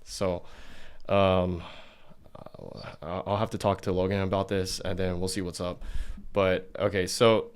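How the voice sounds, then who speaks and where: A man's voice: deep voice, level tone, a little slow, smooth. A man hosting a casual podcast interview, blunt and profane, challenging his guest. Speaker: podcast host.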